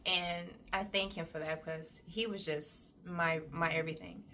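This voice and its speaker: A young woman tells a long personal story in a relaxed, chatty way, heavy on detail and small fillers. When she quotes people she leaps up in pitch and acts the lines out. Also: unhurried, slight background noise. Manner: animated, acts out quoted voices with big pitch jumps.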